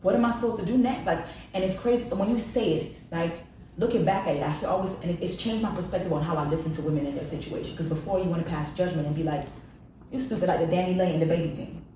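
A woman with a low, deep voice shares a personal story as a podcast guest, frank and confessional, leaning on emphatic repeats. She sits a little off the mic in a very echoey room with a faint hiss underneath. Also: quick pace, dark tone, far from the mic.

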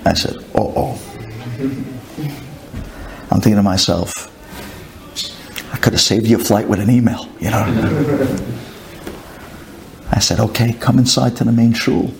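A man's voice: lowish voice, normal speed, gravelly, long pauses, a little hiss or hum. A man, a rabbi, telling a story to a group, acting out his own thoughts with rhetorical questions and Hebrew and Yiddish words. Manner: sprinkles in Hebrew and Yiddish terms.

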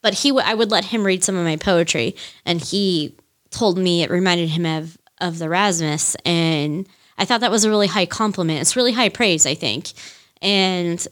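Lady podcaster rambling on, lots of likes and swearing, kinda low voice. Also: lively intonation, moderate pace. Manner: rambling, gushing, many fillers and swears. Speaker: podcast host. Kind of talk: casual solo music chat.

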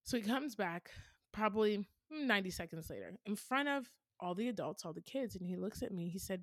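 A woman's voice: medium pitch, lively intonation, fairly quick, no echo, studio quality. A woman in her thirties, a podcast host giving casual parenting advice in an earnest, storytelling way with lots of "like" and "right?". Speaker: podcast host answering a listener question.

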